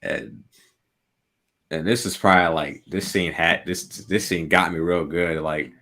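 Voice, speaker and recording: A young man co-hosting a podcast in casual chat, excitable, saying "like" constantly and laughing often. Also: sits low, a little slow. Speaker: podcast co-host.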